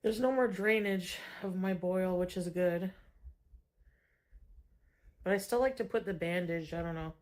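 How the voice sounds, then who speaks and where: A woman streaming from home, chatting casually and breaking into high baby talk now and then. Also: measured pace, pauses often, a little mellow. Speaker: livestreamer. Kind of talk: casual livestream chat.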